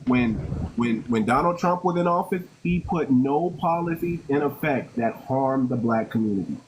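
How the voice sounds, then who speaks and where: A man's voice: mid-range voice, expressive, normal speed, rough recording. Brief: man, host of a live group call, firm and in charge, faint noise behind. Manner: firm, takes charge of the floor. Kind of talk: live online group discussion.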